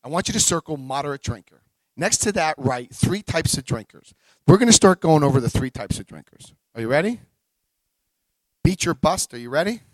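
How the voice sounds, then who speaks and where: A man in his forties tells a story to a big audience, his voice slightly high for a man and leaping all over the place as he acts out each character. The sound is close and dry, with no room echo. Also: expressive, brisk. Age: 40s. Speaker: speaker sharing recovery story. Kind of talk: live talk to an audience.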